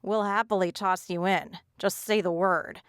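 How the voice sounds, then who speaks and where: A woman's voice: medium pitch, steady tone, unhurried, clean tone, dry recording, studio quality, close to an everyday voice. A woman voicing a cold, bossy teenage bully with a sneering, commanding manner.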